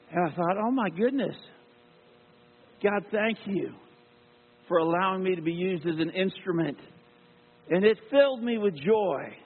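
A husky man with a fairly high voice, preaching earnestly as he tells a personal story. The sound is tinny, like a phone line, with a long hall reverb and a steady mains hum underneath. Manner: earnest storyteller, acts out quoted dialogue. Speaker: lay preacher. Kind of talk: sermon storytelling.

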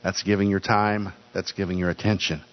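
A man's voice: sits low, flat delivery, brisk. Earnest older man preaching in a reverberant hall. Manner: earnest, repeats phrases for emphasis. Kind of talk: sermon. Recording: dull sound with long hall reverb.

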